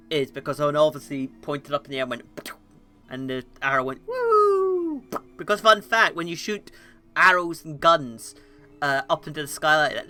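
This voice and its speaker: A woman streaming and commenting on memes in casual talk, rambling and animated, laughing often and swearing freely. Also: deep voice. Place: home desk setup.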